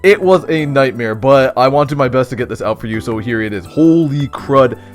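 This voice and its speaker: Animated young man telling a story. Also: medium pitch, brisk, faint music behind. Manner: animated, slangy, swings between loud and hushed. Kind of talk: animated story time narration.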